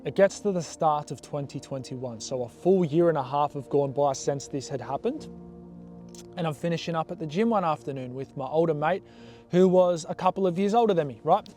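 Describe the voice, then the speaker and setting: A young man telling a story from his past in a casual, animated way, blunt and swearing freely. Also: a little high, brisk, faint music behind. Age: young adult.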